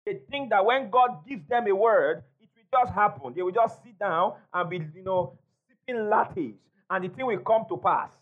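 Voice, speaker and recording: Pastor, high, lively voice, emphatic call-and-response preaching, slightly muffled church recording. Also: male voice, moderate pace. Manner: emphatic preacher, repeats key phrases, call-and-response with congregation. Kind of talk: sermon. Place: church hall before a congregation.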